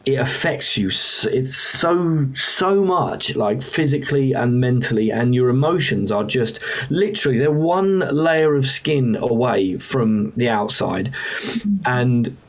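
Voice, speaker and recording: A man's voice: mid-range voice, animated, measured pace. Frank man telling a raw story. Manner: frank, emotional, swears casually. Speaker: guest musician. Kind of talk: candid storytelling.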